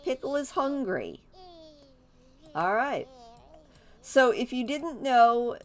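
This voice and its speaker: Brief: playful woman game commentator, lively pitch, relaxed slow delivery. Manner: chatty and playful, gushing over the game's babies. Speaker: gameplay commentator.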